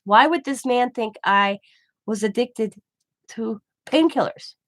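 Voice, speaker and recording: A woman's voice: on the high side, no room sound. A middle-aged woman, host of a craft channel, casually telling a rambling personal story and acting out the dialogue as she goes. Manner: rambling, animated retelling with quoted dialogue.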